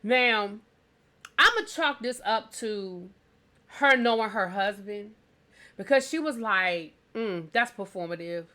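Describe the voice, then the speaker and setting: A woman talks through a TV episode for her viewers in a chatty, animated review style. Her voice is bright and sits a little high. She keeps calling her audience baby and child. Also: takes it slowly, pauses often. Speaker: TV show reviewer. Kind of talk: casual review chat.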